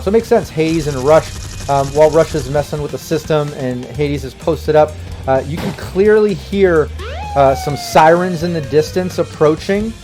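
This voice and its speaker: A man's voice: on the high side, darkish tone. Man narrating as game master, rambling. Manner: rambling, many fillers and restarts.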